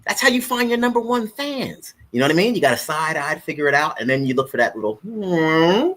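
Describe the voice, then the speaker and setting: A middle-aged man hosts a relaxed live stream, joking around and addressing his viewers as folks. His fairly high, fairly bright voice swings widely in pitch, and he talks a little fast with hardly any pauses.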